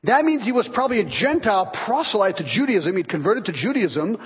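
A man's voice: high voice, a little fast, husky. A man preaching a sermon as pastor, telling stories and acting out the voices of people in them. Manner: animated storytelling, acting out voices. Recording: dull reverberant hall recording.

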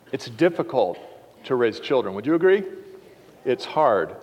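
A man's voice: a little high, darkish tone, big-room sound. A middle-aged man preaching a sermon as pastor, folksy and chuckling at his own quips. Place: church sanctuary.

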